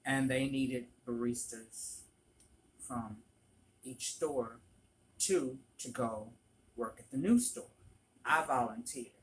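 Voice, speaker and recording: A man's voice: mid-range voice, takes it slowly, long pauses, low-quality recording. A man in casual storytelling mode, candid and blunt, ranting with frequent restarts. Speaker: vlogger, former barista.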